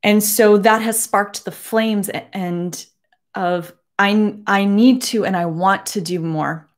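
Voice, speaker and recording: A woman in her forties speaking earnestly to camera from her home, emotional and holding back tears, with many halting restarts. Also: medium pitch. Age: 40s. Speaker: beauty vlogger. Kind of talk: personal address to camera.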